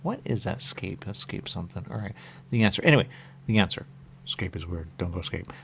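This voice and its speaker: A man's voice: sits low, lively intonation, fast, creaky, a little hiss or hum. A man hosting a radio show, talking in a rambling, repetitive monologue that keeps circling back with small chuckles.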